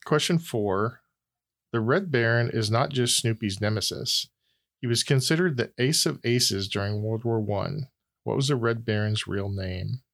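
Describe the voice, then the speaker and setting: A man hosting a trivia game, reading out questions and scores in a measured way. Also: medium pitch, vocal fry, fairly bright tone. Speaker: quiz host.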